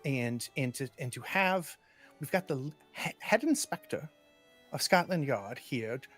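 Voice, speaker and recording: A man voicing an earnest young woman who speaks in a rushed, stumbling way. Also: mid-range voice, lively intonation, a bit bright, faint music behind. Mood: indignant.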